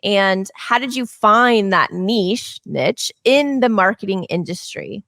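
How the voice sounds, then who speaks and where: A woman's voice: mid-range voice, measured pace, a bit bright, dry recording. A woman hosting a podcast, chatting in a bubbly, casual way and laughing often. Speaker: podcast host. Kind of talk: casual interview chat.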